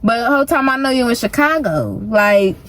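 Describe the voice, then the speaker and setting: High, animated woman telling a story. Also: brisk, slight background noise. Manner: animated, slangy, emphatic. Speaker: storyteller vlogger. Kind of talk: casual storytime.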